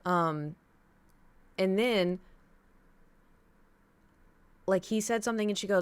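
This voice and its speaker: A woman talks to her live stream chat in a loose, rambling way, piling one aside onto the next. Her voice sits at an ordinary middle pitch. She sounds casual and animated. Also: slow pace, long pauses, clear, resonant tone. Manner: chatty, rambling, animated retelling.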